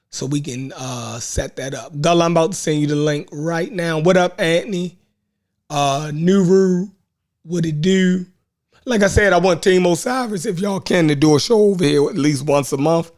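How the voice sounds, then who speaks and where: A man with a Baltimore accent hosting a live online show, chatting in a rambling, laid-back way with lots of fillers and shout-outs to viewers. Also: a little high. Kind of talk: casual livestream chat.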